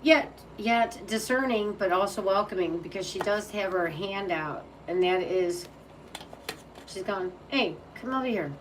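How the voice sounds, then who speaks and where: A woman's voice: medium pitch, measured pace. A woman tarot reader chatting casually and cooing in baby talk to her dog. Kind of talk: casual chat. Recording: distant mic with faint background hum.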